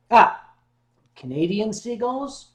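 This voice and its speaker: A man hosting a casual livestream, playful and teasing as he chats with his guest and reads viewer comments aloud. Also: high voice. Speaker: stream host.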